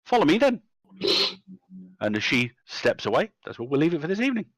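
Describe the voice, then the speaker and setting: A man running a tabletop game as game master, narrating and chatting in an animated way on a live stream. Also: medium pitch, fast talker, no echo. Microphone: close mic, live stream.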